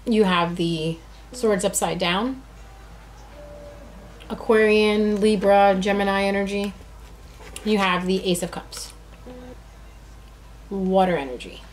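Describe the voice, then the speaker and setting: A woman chats her way through a tarot reading, talking to her cards and to her viewers in a relaxed, self-amused way. Her voice sits in an ordinary middle register. Faint noise hums under the recording. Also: mid-range voice, slow, long pauses. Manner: chatty, laughs at herself, talks to the cards. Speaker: tarot reader. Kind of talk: casual tarot reading chat.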